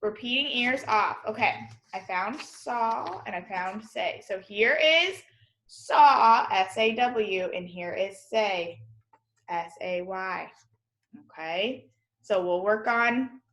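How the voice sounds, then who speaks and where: Woman teacher spelling words out slow and singsongy, bright voice, echoey room at home. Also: medium pitch. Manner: slow, clear, sing-song spelling drills. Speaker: kindergarten teacher. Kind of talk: distance-learning classroom lesson.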